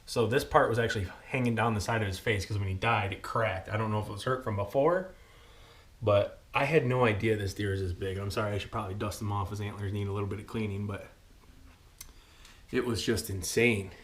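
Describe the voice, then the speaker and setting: A young man from Michigan casually telling a hunting story to the camera, excitable and rambling with frequent ums and little laughs. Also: on the low side, brisk. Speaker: hunting channel host.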